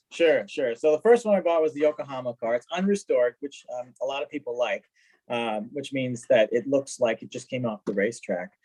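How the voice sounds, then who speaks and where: A man telling stories in a casual chat as a guest, lively, acting out what people said. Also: mid-range voice, normal speed, rough recording. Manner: animated, acts out quoted dialogue. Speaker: guest, car collector. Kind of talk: casual storytelling.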